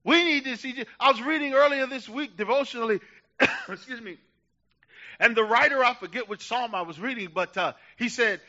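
A man preaching a sermon to a church, building from quiet passages to loud, emphatic shouts. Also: very high-pitched, normal speed, dull audio. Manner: rising to shouts, dramatic.

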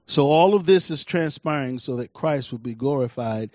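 A middle-aged man preaching a sermon, emphatic, repeating key lines and swinging between soft and loud delivery. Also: medium pitch, animated, normal speed, no echo. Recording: dull dry recording.

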